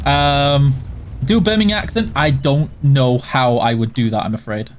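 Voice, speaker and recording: At a moderate pace and medium pitch, a mildly Yorkshire-accented man from the West and South Yorkshire border reads chat on his live stream. He answers matter-of-factly and casually, and there's a faint hiss or hum on the audio.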